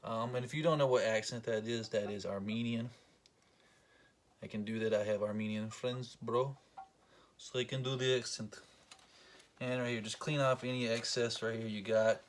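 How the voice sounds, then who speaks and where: A man's voice: mid-range voice, fairly even intonation, normal speed, long pauses. A man giving a casual, joking how-to tutorial, talking to the camera while he works. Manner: joking, self-deprecating, talks while working. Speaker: collector demonstrating belt cleaning.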